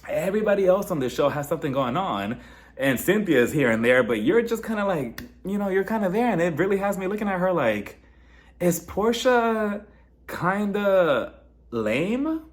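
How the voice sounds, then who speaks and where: Animated man mocking reality TV drama. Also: high voice, brisk. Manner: animated, mocking, acts out cast members' lines in put-on voices. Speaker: reality TV recap host. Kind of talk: casual recap commentary.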